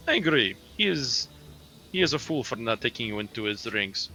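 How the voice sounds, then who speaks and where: A man's voice: medium pitch, very animated, moderate pace, bright, forceful tone. A man playing in a tabletop role-playing game, speaking in an easygoing, playful way. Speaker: player.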